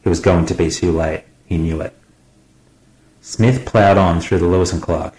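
Brief: male audiobook narrator, deep and steady, dramatic delivery, echoey room. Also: normal speed.

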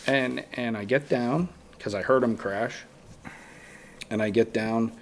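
Speaking in a mid-range voice at a somewhat slow pace, a bowhunter on a podcast spins a meandering, casual story, quoting what he was thinking back then. A little hiss or hum runs under the audio.

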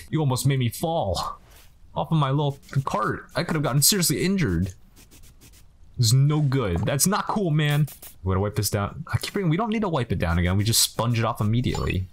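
There's slight background noise behind this young man's mid-range voice. He's a gaming commentator doing a casual let's-play, joking around and talking to the characters in the game.

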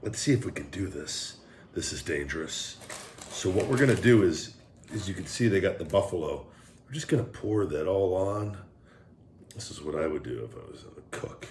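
Deep-voiced joking man hosting a food vlog. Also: lively intonation, normal speed, a little mellow, a little hiss or hum. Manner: joking, hyped, self-mocking. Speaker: host.

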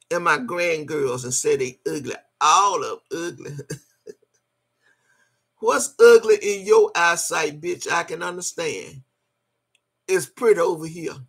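A woman's voice: fairly low pitch, fairly bright tone, husky. An older woman in a casual vlog rant, profane and mocking, breaking into laughter often. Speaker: vlogger.

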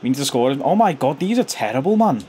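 A young man giving casual, slangy commentary over his own football video game, chuckling often and jumping to excited shouts when goals go in. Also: mid-range voice, fast talker. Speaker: gaming YouTuber and streamer. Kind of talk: casual live gameplay commentary.

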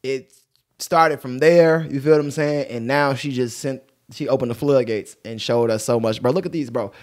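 A man co-hosting a casual podcast, talking in an animated way and breaking into sing-song hype. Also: medium pitch, normal speed. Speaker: podcast co-host.

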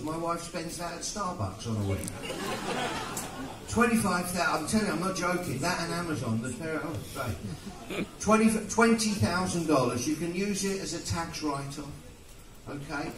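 English male auctioneer, high and bright, joking patter, heard from afar in a roomy hall. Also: slight background noise. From England. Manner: joking, coaxing, rapid-fire bid calling. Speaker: charity auctioneer. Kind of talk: live fundraising auction patter. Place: event hall with an audience. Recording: echoey hall from far off.

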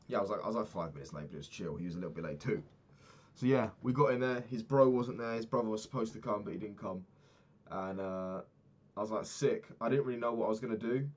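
A young man chatting casually about his day over a video game, rambling and swearing freely. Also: fairly low pitch. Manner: rambling, sweary, self-mocking, frequent restarts. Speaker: vlogger. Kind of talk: casual daily diary talk over gameplay.

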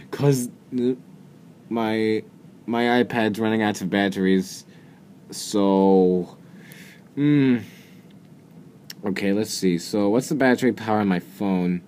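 A man's voice: on the low side, a little mellow, a little hiss or hum. A man doing casual reaction commentary. He rambles, makes mocking, exasperated asides and keeps breaking into giggles. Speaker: reaction video host.

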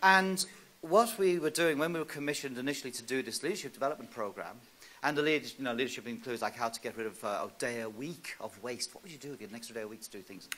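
A middle-aged man from Ireland giving a conference keynote, lively and joking as he talks directly to the audience. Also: mid-range voice, quick pace. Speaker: keynote speaker. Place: conference hall.

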